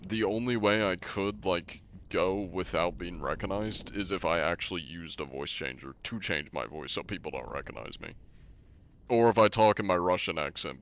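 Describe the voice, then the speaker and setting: Brief: a relaxed male game streamer, fairly low voice, casual chat with viewers. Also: a little hiss or hum. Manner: laid-back, chuckling, reads chat aloud.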